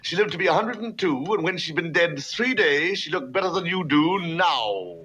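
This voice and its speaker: A man's voice: on the high side, expressive, normal speed, sharp tone. An actor with a Mid-Atlantic accent playing a sardonic man who trades cutting insults, in old film style. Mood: mocking. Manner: mocking, theatrical. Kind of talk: 1930s film acting.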